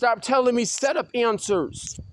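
A man ranting on his own in an agitated, repetitive way, swearing and breaking into loud outbursts. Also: very high-pitched, a little slow, slight background noise. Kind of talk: solo rant to camera.

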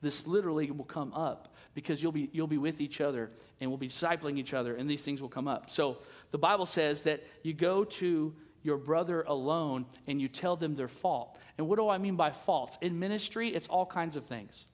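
Brief: male pastor, casual sermon storyteller, slightly high voice, plays out the dialogue. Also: normal speed, few pauses. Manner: casual, animated storyteller acting out conversations. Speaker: senior pastor.

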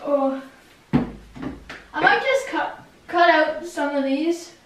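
A woman chatting casually for a vlog, full of quick exclamations as she plays. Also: sits high, expressive. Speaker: vlog co-player. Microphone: own camera at a distance. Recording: echoey room, far from the mic, loud background noise.

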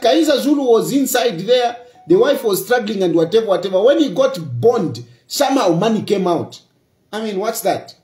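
A man's voice: extremely high pitch, darkish tone, echoey room. A Zambian man speaking in a passionate political monologue, emphatic and repetitive, switching between English and local phrases. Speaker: opposition politician.

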